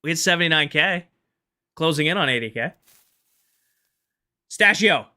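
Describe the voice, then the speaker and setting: Tired male game streamer, bright higher voice, sarcastic banter with chat. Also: lively intonation, normal speed. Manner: chatty, sarcastic, addresses chat directly. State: tired at end of long stream. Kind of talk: casual livestream chat.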